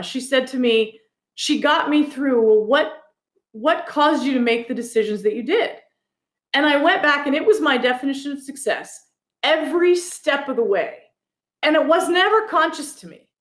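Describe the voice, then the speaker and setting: Guest author, female, high voice, chatty storyteller, slight room echo. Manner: animated, laughs while telling a story. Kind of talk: conversational storytelling.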